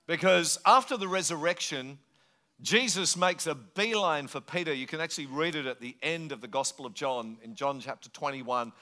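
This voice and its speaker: A middle-aged man preaching a sermon, telling a story in an animated, anecdotal way. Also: fairly high pitch. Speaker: pastor.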